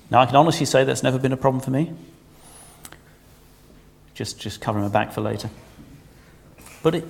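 A man preaching a sermon in a conversational, humorous way, asking his congregation questions. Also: on the high side.

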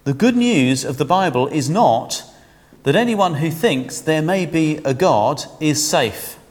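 A man delivers a sermon in a chatty, conversational way, tossing rhetorical questions at his listeners. His somewhat high voice swoops up and down with lively animation. Long reverb trails behind every phrase. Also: a little slow. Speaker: preacher.

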